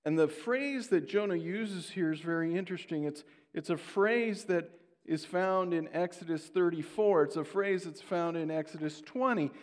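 A male pastor preaching a sermon, telling stories in an animated way and dropping in sarcastic asides. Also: a little high, moderate pace. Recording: long hall reverb.

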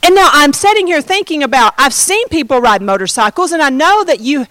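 Middle-aged woman preacher, high voice, dry sound, animated story with hushed dramatic bits. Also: fairly quick, no room sound. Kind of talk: sermon with personal story.

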